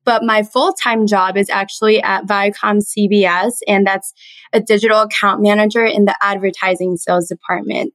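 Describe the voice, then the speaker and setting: Young raspy woman, friendly guest, mid pitch, dry close mic. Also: no echo. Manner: friendly, explanatory. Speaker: podcast guest. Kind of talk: casual interview answers.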